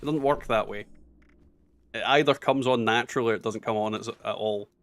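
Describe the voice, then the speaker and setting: A man in his thirties with a softened Scottish accent, chatting casually and swearing as he plays a game on stream. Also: mid-range voice, a little fast. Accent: Scottish, toned down. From Scotland. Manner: chatty, swears, jokey asides. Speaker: gaming streamer. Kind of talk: casual chat while playing a game.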